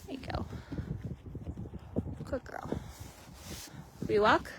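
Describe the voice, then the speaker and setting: A woman training horses outdoors in a paddock. She coaxes them in soft, sweet baby talk and explains each step to her viewers. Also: sits high, takes it slowly, pauses often, a little hiss or hum, rough recording. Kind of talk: casual vlog while training horses.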